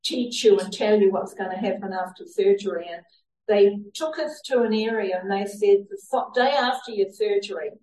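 A woman's voice: mid-range voice, normal speed, darkish tone. New woman telling her faith story, earnest, sounds a bit far off in an echoey room. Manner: earnest storytelling, laughs now and then. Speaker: church member sharing a testimony. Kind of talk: personal faith testimony. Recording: roomy sound from a distant mic.

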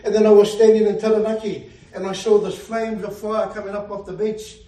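A man's voice: sits high, flat delivery, brisk, mellow, recorded from a distance. A man preaching a fervent sermon, often exclaiming hallelujah and laughing at his own jokes. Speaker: pastor. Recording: echoey room, speaker away from mic.

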